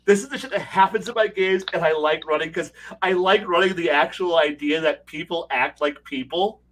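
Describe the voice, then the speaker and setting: A game master telling table stories in casual chat, animated, laughing often and swearing as he rambles. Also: on the high side, brisk, far from the mic, low-quality recording. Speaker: game master, regular guest.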